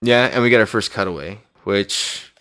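A man co-hosting a casual movie podcast, animated and excitable as he retells scenes. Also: fairly low pitch, normal speed. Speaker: podcast co-host.

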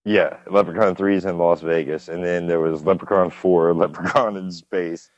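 A man with a very low voice co-hosting a film podcast, blunt and enthusiastic, cursing freely. The recording is dull and lo-fi, with a dry, close sound. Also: steady tone, normal speed, dry recording. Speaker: podcast co-host. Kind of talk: casual chat.

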